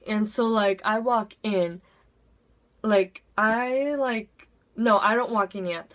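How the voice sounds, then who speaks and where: A woman's voice: mid-range voice, takes it slowly, a bit bright. A teenage girl telling a casual storytime, chatty and filling her talk with "like". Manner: chatty, heavy use of "like". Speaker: vlogger.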